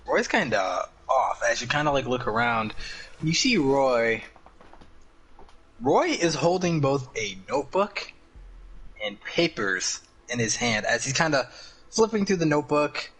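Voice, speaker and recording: A young man narrating a tabletop game as game master. He rambles and leans heavily on fillers. His voice is bright and lively in pitch. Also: a little slow, a little hiss or hum, low-quality recording.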